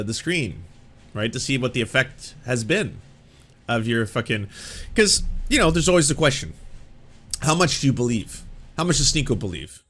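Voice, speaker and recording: A male commentary host talks through a clip in a loose, profane rant. He circles back and restarts his sentences as he goes. His voice sits at an ordinary middle pitch for a man. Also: fairly bright tone. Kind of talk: casual reaction commentary.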